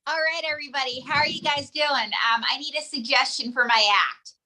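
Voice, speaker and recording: A woman's voice: high-pitched, fairly even intonation, a little fast, bright, forceful tone. A woman doing a stand-up ventriloquism act at a live comedy show, chatty with lots of "um" and "okay".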